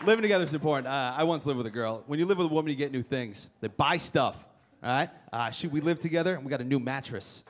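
A man's voice: medium pitch, animated, fast. A young man doing a brash stand-up set in a comedy club, teasing the crowd with punchy timing. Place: comedy club stage before a live crowd. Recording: live club recording with audience noise.

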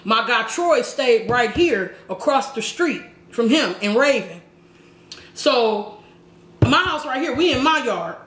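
Animated, higher-pitched woman telling a story. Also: takes it slowly. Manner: animated, slangy, with shouted sound effects. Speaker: vlogger. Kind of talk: storytelling while eating, mukbang. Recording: echoey room with faint background noise.

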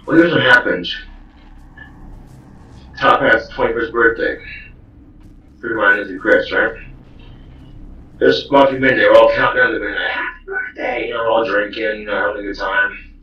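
A man's voice: lowish voice, fairly even intonation, normal speed, long pauses, sharp tone. A man telling a rambling, profane comedic story. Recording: dull, roomy, distant, faint hiss.

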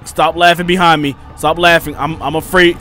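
A young man doing casual let's play commentary, joking to himself and yelping and shouting when enemies attack. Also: a little high, moderate pace, slight background noise. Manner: jokey, excitable, yelps and shouts when attacked. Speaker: gaming YouTuber.

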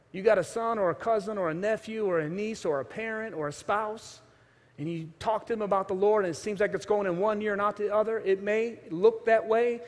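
Brief: high-pitched male pastor, storytelling sermon, swings from loud to hushed, long hall reverb. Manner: storytelling, acts out quoted voices, shifts from loud to hushed. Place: church sanctuary.

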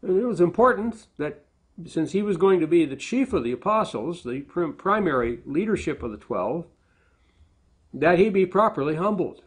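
A man's voice: a little high, moderate pace, husky. Earnest middle-aged man preaching. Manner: earnest, self-correcting, animated when quoting. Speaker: pastor. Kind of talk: sermon.

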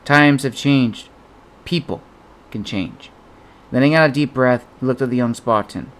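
A man narrating an adventure novel as an audiobook in a steady storytelling manner. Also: medium pitch, unhurried.

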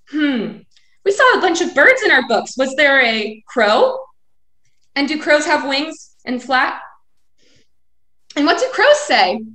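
A woman, a children's librarian, leading a live video session for kids with animated chants, songs and movement games. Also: high-pitched, measured pace, pauses often. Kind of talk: kids' story and activity time. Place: home, live video stream. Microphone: video call. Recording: echoey room.

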